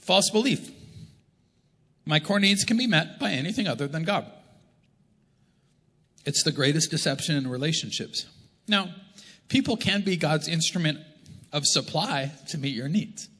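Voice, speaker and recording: A man's voice: a little high, animated, normal speed, pauses often, a bit bright. A man preaching a sermon as a pastor, in a loose, conversational and joking way. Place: church auditorium. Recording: long church reverb.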